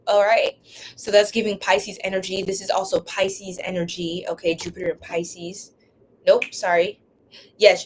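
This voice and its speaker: A woman's voice: mid-range voice, slight background noise. A woman giving a casual, playful live-streamed tarot reading, using slang and laughing often. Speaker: tarot reader.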